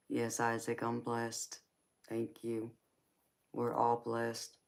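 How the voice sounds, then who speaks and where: A slow-talking woman with a Southern accent from Georgia, hosting a live tarot stream. She chats easily with viewers, calling them honey and baby, and laughs often. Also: extremely low pitch, monotone, vocal fry. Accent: Southern American. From Georgia, United States.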